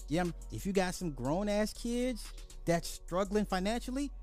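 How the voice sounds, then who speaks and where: A man's voice: sits high, lively intonation, unhurried, darkish tone, soft background music. A man hosting a podcast, delivering a profane, mocking rant of social commentary and apologizing as he goes. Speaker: podcast host.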